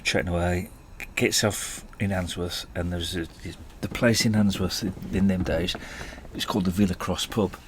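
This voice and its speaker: A man's voice: low-pitched, fairly even intonation, normal speed, few pauses, background noise. A man, telling stories in a rambling, self-deprecating way and chuckling often. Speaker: podcast host. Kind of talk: casual storytelling monologue.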